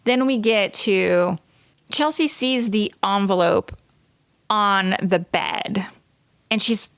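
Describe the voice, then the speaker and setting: A woman's voice: medium pitch, clean tone, no echo, studio quality. A woman co-hosting a podcast, chatting casually and animatedly about a TV episode. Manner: animated, chatty, quick laughs. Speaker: podcast co-host. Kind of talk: casual chat recapping a TV episode.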